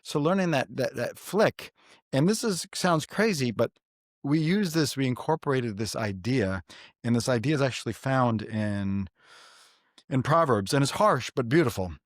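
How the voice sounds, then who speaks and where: A middle-aged man from New York hosting a casual faith podcast, telling stories in an animated way and often repeating himself. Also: mid-range voice, normal speed, dry recording, studio quality. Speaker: podcast host.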